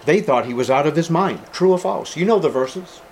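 This man's voice is a little high and a little mellow, expressive and fairly quick. He's a pastor delivering an emphatic sermon in church, hammering key words and calling the congregation beloved, over slight background noise.

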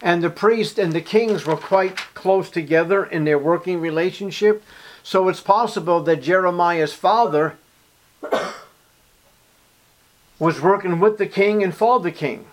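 A man preaching a sermon, speaking emphatically and addressing his listeners directly. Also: high voice.

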